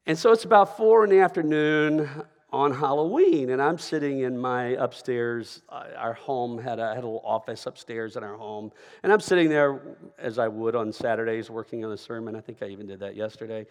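A middle-aged man delivers a sermon as pastor, in a relaxed, conversational storytelling way. His voice sits in a middle register. It carries the long reverb of a large hall. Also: mid-range voice, brisk. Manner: conversational storytelling with frequent "right?" asides.

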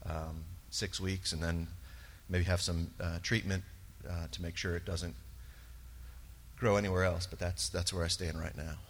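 A man's voice: low-pitched, little pitch movement. Earnest man giving testimony in a hall. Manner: earnest, halting, with fillers. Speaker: church member sharing testimony. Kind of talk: personal testimony in church. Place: church sanctuary. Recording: long reverb of a large hall.

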